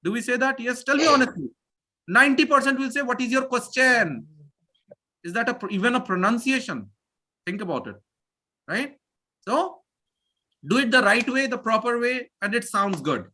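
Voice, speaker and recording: A man's voice: extremely high pitch, lively intonation, moderate pace, long pauses, sharp tone. A man with an Indian accent teaching a live online English lesson, emphatic and repeating words as he drills pronunciation.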